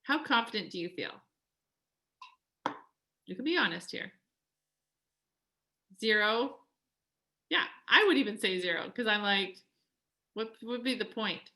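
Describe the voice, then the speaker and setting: A woman's voice: mid-range voice, lively intonation, a little slow, long pauses, pushed and bright. A woman life coach talking casually to a live coaching group. She is chatty, says "like" often and acts out quoted voices.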